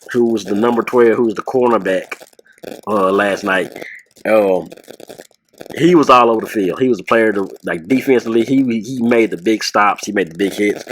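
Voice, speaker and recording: A man hosting a podcast, telling a rambling story with laughs and quick voice impressions. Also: on the low side, fairly bright tone, low-quality recording. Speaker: podcast host.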